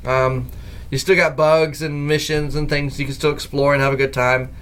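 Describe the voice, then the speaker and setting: Give me a lively male podcast host, slightly high-voiced, chatting casually and laughing as he tells stories. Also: normal speed, clean tone. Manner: animated storyteller who laughs often. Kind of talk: casual chat.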